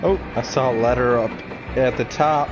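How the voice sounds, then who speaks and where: A male let's play host chats casually over gameplay. He speaks haltingly, restarting his sentences and filling pauses, with faint music beneath him. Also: mid-range voice. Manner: halting, filler-heavy.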